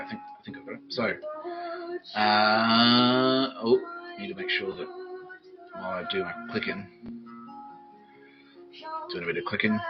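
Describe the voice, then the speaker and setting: A man's voice: lowish voice, dull audio. A man, hosting a podcast stream and rambling through a comic monologue, swearing often and laughing at his own jokes. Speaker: podcast host streaming live. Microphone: desk microphone.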